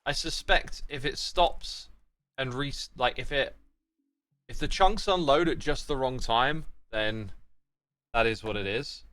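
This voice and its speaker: A man's voice: medium pitch, a little slow, a bit bright. A British man streaming a game, thinking aloud and chatting with his viewers in a casual way. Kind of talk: casual livestream commentary.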